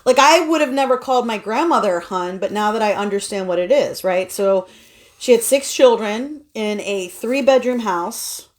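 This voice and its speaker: A chatty woman, talking as a guest in a relaxed interview. Her voice sits a bit high, and she tells her stories in an upbeat, animated way. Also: moderate pace. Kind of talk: casual conversation.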